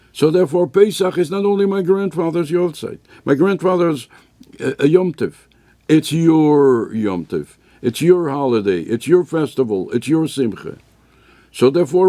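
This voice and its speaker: A man's voice: fairly high pitch, warm tone, no echo. A man teaching a Torah class as a rabbi, telling stories with emphatic repetition. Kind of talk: sermon-style Torah class.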